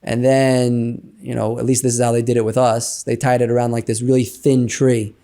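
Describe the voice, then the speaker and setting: A man's voice: mid-range voice, normal speed. Chatty man telling a story. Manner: animated, heavy on fillers like "you know" and "like". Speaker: interview guest. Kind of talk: storytelling in a casual interview.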